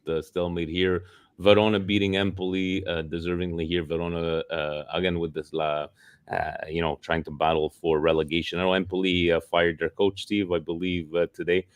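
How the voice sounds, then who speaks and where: A man co-hosting a casual football podcast, talking in an animated way and swearing freely. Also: low-pitched, fairly quick, dry recording, clean studio sound. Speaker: podcast co-host. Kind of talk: casual sports talk.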